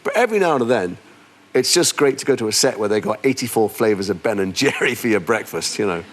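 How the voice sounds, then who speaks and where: Animated English actor telling stories. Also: male voice, lowish voice, fast, slight background noise. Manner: animated storyteller, stammering restarts. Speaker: guest actor. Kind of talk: chat show anecdotes.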